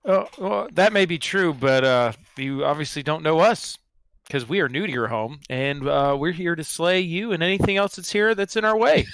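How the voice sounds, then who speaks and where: A man's voice: on the high side, moderate pace, fairly bright tone. A man playing a tabletop game, talking in character in a cocky, brash way. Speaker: player.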